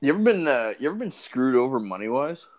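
A man telling a personal story in relaxed, halting casual chat. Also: medium pitch.

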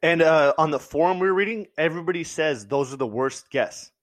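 A man's voice: fairly high pitch, a little fast, dry recording. A man telling a story in casual chat, swearing and acting out the people he quotes.

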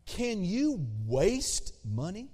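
A man preaching a sermon as a pastor, animated, swinging between loud emphasis and hushed asides. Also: sits high, drawn-out words. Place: church sanctuary. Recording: long hall reverb.

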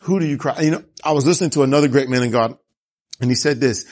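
A man's voice: mid-range voice, quick pace, a little mellow. A man preaching a sermon, telling the story with animation and asking rhetorical questions. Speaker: pastor.

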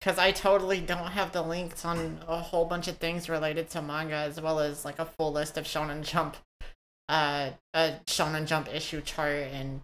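A woman co-hosting a casual podcast chat, joking dryly and pausing often on fillers. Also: low-pitched, a bit bright, slight background noise. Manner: dry, joking, hesitant with fillers.

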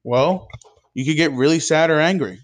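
Earnest young man preaching a devotional. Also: fairly high pitch. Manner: earnest, measured, preaching cadence. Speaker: speaker in a devotional video. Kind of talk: scripted devotional talk.

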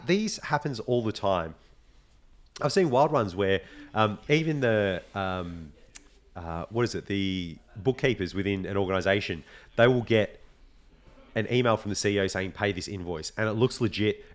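A man co-hosting a podcast, chatting casually and telling animated stories, acting out the voices of people he quotes. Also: fairly low pitch. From Australia. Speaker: podcast co-host. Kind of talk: casual chat.

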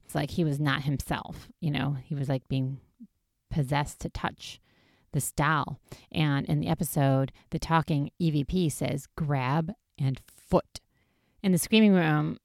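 A woman's voice: deep voice, gravelly, a little mellow, dry recording, clean studio sound. A woman casually recapping a TV episode in a chatty way, with lots of fillers. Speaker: podcast host recapping a TV episode. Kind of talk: casual chat.

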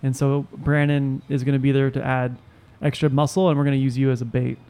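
A man's voice: mid-range voice, little pitch movement, a little fast, warm tone, clear, resonant tone. A man from California, co-hosting a casual podcast chat, joking and rambling with restarts. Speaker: podcast co-host.

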